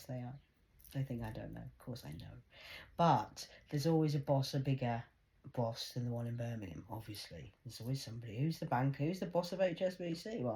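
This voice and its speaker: Agitated woman ranting, whispering and shouting. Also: a bass voice. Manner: agitated, swings between hushed whispers and loud outbursts; repetitive, stumbling restarts. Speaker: vlogger. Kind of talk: ranting monologue to camera.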